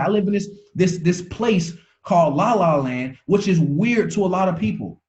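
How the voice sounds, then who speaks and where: A man with a fairly high voice gives a motivational talk over a dull, lo-fi call line. He preaches in repeated phrases, stumbling and restarting words as he pushes his point. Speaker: motivational speaker.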